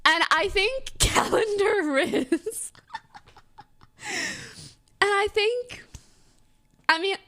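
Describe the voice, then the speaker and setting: Young woman streamer, high and lively voice, giggly casual storytelling to her chat. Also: extremely slow, pauses often. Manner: giggly, animated storytelling with lots of laughter.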